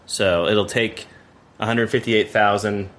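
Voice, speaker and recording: A man's voice: fairly low pitch, steady tone, slow, a bit bright, a little hiss or hum. A man producing a podcast, chatting casually and rambling with lots of fillers and restarts. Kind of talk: casual chat.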